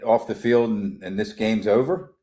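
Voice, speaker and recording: Male podcast host, lowish voice, short prompts and plain questions. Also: normal speed, warm tone. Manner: brief prompts and acknowledgments. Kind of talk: casual podcast interview.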